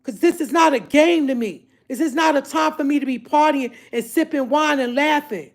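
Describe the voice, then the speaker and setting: Exasperated high-voiced woman ranting. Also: normal speed. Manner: exasperated, repetitive, addresses viewers as y'all. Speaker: vlogger. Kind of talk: emotional direct-to-camera rant.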